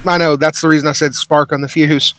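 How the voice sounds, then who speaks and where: A man's voice: on the high side, flat delivery, quick pace, fairly bright tone, a little hiss or hum. A man playing a tabletop game, talking hesitantly with many fillers. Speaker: player.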